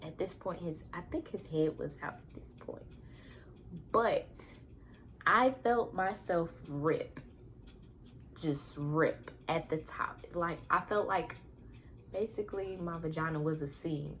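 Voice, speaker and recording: Animated young woman telling a story. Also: low-pitched, takes it slowly, slight background noise. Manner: animated, candid, laughs and acts out shouted quotes. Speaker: vlogger. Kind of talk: casual storytelling.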